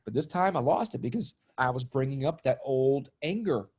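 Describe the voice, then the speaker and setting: A man's voice: mid-range voice, fast talker. A middle-aged man guesting on a spiritual podcast, telling a story in casual chat and acting out his own quoted lines, with the odd swear word.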